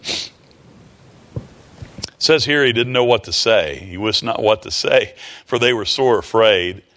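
A man's voice: on the low side, expressive, a little slow, a bit bright. Folksy preacher man with drawl. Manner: folksy, repeats phrases, chuckles often. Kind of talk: sermon.

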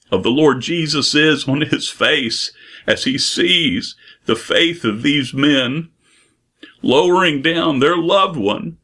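A man preaching a sermon, earnest, posing rhetorical questions and slowing down for emphasis. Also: medium pitch, fairly bright tone.

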